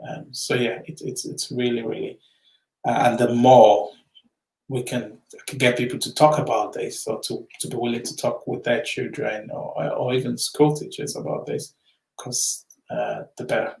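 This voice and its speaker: A man speaking haltingly over a video call as he wraps up a talk. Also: mid-range voice, steady tone, creaky, darkish tone, reverberant, rough recording. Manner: halting, hesitant. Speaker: previous speaker. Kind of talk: closing remarks.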